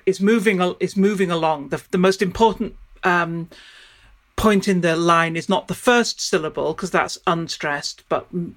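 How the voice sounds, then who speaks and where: A woman's voice: fairly low pitch, a bit bright. A woman professor explaining in an interview, thinking aloud and often stopping to restart her sentences. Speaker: professor of Shakespeare studies.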